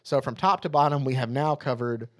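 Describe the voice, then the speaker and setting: A man's voice: medium pitch, fairly quick. Young man, podcast co-host, casual chat, earnest, quotes characters as he retells the story. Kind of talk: casual chat recapping a comic.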